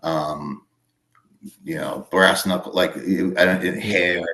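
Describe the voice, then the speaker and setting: Deep-voiced guy w a boston accent rambling thru a story, lots of ums. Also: fairly even intonation, bright, forceful tone. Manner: rambling, halting, full of fillers. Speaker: podcast guest. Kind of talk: casual storytelling.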